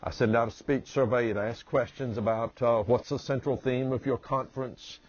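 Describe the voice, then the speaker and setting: A Southern US man drawls slowly through a promotional self-introduction, his voice a little husky. The sound is dry and dull, like a lo-fi recording. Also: mid-range voice, steady tone, a little mellow, no echo. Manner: slow, drawling delivery. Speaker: humorist and motivational speaker.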